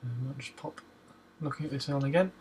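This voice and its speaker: Man, mid pitch, easygoing self-talk while editing, faint background noise. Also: a little fast. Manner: relaxed, muttering to himself as he works, hums while waiting. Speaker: photo editing vlogger. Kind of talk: casual talk-through of a photo edit.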